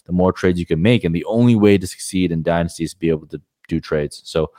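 A man's voice: sits low, fast talker, mellow, dry recording, studio quality. A man talking as a guest on a podcast, frank and rambling, swearing casually as he explains his points.

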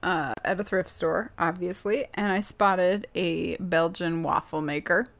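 A woman co-hosting a podcast in casual chat, playful, with deadpan jokes. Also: on the low side, a little slow. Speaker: podcast co-host.

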